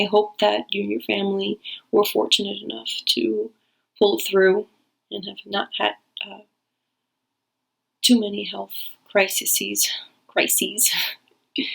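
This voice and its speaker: A woman's voice: medium pitch, steady tone, a little slow, creaky, pauses often, breathy edge, poor audio. A woman hosting her own reading channel, talking casually and rambling to her viewers with frequent restarts. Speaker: tarot reader and channel host. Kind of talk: casual talk to camera.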